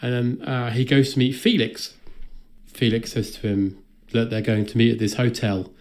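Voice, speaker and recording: A man's voice: mid-range voice, little pitch movement, moderate pace, a little mellow. A man co-hosting a comedy podcast, recapping a film in a dry, sardonic way. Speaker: podcast co-host.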